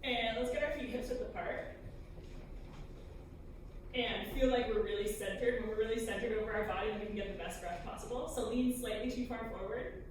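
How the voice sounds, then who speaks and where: A woman with a fairly high voice guides a choir through stretches and breathing exercises with encouraging, step-by-step cues. She sounds distant from the mic in a very echoey rehearsal room, with music clearly in the background. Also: brisk, background noise. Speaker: choir director leading warm-ups. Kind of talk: vocal warm-up instruction.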